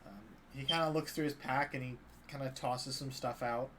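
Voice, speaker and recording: A man narrating as dungeon master in a relaxed, hesitant way with many fillers. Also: mid-range voice, normal speed, a little hiss or hum. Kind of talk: narrating a tabletop game.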